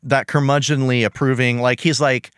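A man hosting a casual podcast chat about a cartoon, enthusiastic and animated, acting out lines from the show in high voices. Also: moderate pace, clean tone, no room sound, clean studio sound. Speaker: podcast host.

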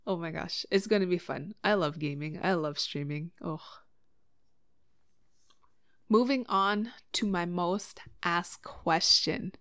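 A woman hosting a casual solo podcast, chatting about her streaming, swearing freely and getting animated when excited. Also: on the low side, slow, no room sound, studio quality. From Cree community in Canada. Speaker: podcast host.

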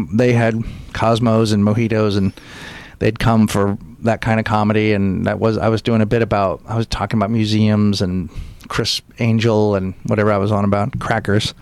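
A comedian talks through his stories with lively energy, dropping into voices for the people he quotes. The sound is dry and close, with no room around it. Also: on the low side, clean tone, dry recording. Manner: animated, acts out quotes in character voices. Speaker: stand-up comedian, guest. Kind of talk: casual interview storytelling.

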